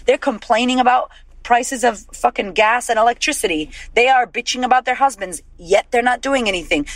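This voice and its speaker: A woman's voice: fairly high pitch, dry recording, rough recording. A woman hosting a podcast, giving a blunt, profane, fired-up motivational pep talk. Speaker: podcast host and life coach.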